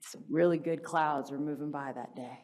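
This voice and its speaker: Lively woman speaker with a lower voice. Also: moderate pace. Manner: conversational, asks the audience questions often; animated and playful, acts out a dialogue with her child. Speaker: speaker at a church gathering. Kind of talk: inspirational spoken talk with personal storytelling. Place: stage in a church hall before an audience.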